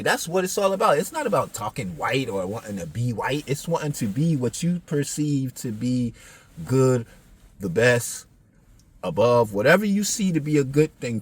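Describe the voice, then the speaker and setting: A man's voice: mid-range voice, very animated, normal speed, a little hiss or hum. A man, talking in a casual, blunt, profane monologue full of street slang. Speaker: podcast host.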